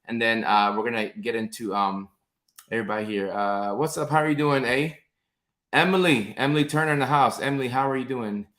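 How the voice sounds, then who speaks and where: A man's voice: medium pitch, a little fast, a bit bright. A man in his thirties hosting a casual live stream, greeting viewers by name in an upbeat, chatty way with plenty of fillers, recorded indoors on a phone or webcam close to his face. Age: 30s.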